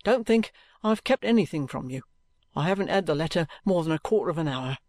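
A man's voice: fairly high pitch, animated, a little fast, darkish tone, dry recording. A man doing a subdued, penitent old trooper. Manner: subdued, apologetic. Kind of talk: audiobook character voice.

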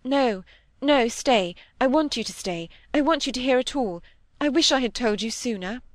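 A woman plays a distraught young woman pleading emotionally, pitching her voice fairly high, a bit above her natural one yet close to everyday speech. The delivery is animated and moderately paced, captured dry with clean studio sound.

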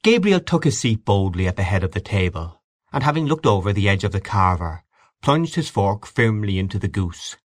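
A man reading a literary story aloud in a measured, expressive way. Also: lowish voice, dry recording, studio quality. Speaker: audiobook narrator. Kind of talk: scripted literary narration.

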